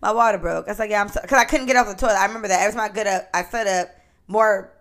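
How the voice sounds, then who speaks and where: A woman's voice: mid-range voice, very fast, fairly bright tone. A woman in her twenties co-hosting a casual podcast chat, telling a story candidly with profanity and lots of quoted speech. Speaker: podcast co-host.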